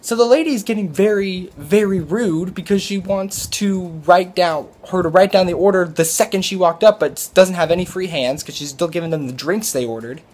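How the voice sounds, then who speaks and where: A young man tells a story about his work in a loose, rambling vlog style, often circling back with fillers. His voice sits a little high for a man. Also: moderate pace, hardly any pauses, darkish tone. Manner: rambling, with many fillers and restarts. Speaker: restaurant server telling a story.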